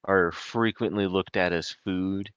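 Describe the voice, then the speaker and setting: Deep smooth-voiced guy running a dnd game, rambly, dry close mic. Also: steady tone, measured pace, fairly bright tone, dry recording, highs cut off. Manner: rambling, restarts a lot. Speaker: game master. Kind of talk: narrating a tabletop game.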